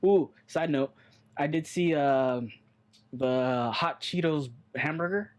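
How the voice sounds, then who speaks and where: A man's voice: a little high, slow. A man co-hosting a casual podcast chat, rambling and blunt, swearing offhandedly. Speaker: podcast co-host.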